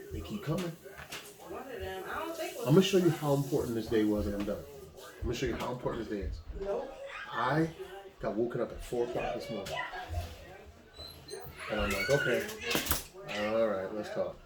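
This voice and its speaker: Man preaching in an echoey room. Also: mid-range voice. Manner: conversational, exhortative, speaks straight to a listener. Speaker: pastor. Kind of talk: informal preaching to a gathering. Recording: echoey room with a crowd behind.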